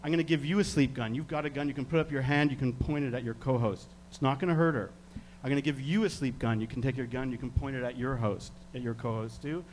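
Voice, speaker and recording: A man from Canada, working as a stage hypnotist, giving slow, soothing suggestions and chuckling between them. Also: mid-range voice, fairly even intonation, a little mellow, a little hiss or hum. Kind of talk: live hypnosis demonstration.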